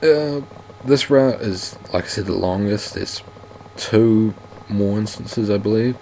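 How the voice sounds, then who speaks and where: A man's voice: lowish voice, slow, warm tone, a little hiss or hum, low-quality recording. A man playing a game and reading its narration aloud, stumbling over words now and then and adding casual asides in an odd put-on reading accent. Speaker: let's play host.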